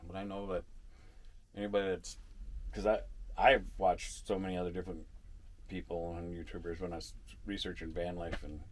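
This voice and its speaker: A man's voice: sits low, little pitch movement, fairly quick, pauses often, slight background noise. A man vlogging in a casual, rambling monologue, telling a story and chuckling often at his own jokes. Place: parking lot.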